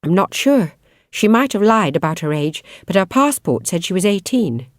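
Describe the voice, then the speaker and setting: A woman's voice: mid-range voice, big pitch swings, normal speed, no echo, studio quality, close to an everyday voice. A woman voicing an earnest, hesitant young male pop star in an audiobook.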